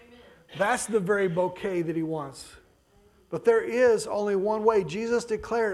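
A man preaching a sermon emphatically, dropping to soft low passages and then rising to raised bursts. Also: normal speed.

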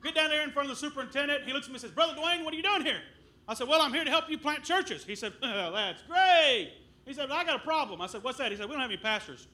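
High, bright-voiced man preaching. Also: racing. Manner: animated storytelling with loud bursts. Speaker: missionary preacher. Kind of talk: sermon.

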